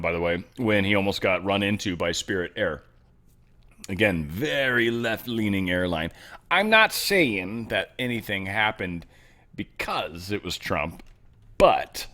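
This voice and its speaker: A man hosting casual news commentary. He rambles and jokes, jumping between loud bursts and low mutters. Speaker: host.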